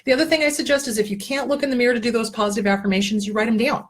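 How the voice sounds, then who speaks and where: A woman's voice: fairly high pitch, racing, slightly rough. A woman therapist and show host giving casual self-help advice, blunt and profane, coaching the listener step by step through exercises. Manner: blunt, earthy and profane, with lively asides.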